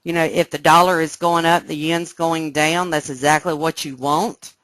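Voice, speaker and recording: Excited woman teaching live trading. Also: deep voice, moderate pace, dry recording. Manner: explanatory, keeps checking listeners follow; excited, animated. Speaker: trading instructor. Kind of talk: live trading room lesson.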